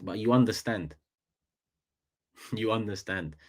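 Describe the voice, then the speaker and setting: A man with a London accent, his voice sitting on the low side. He chats on a livestream in a loose, slangy way, repeating lines and often jumping up in pitch and volume. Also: takes it slowly. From England. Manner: animated, repeats phrases, slangy. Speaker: livestream host. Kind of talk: casual livestream chat.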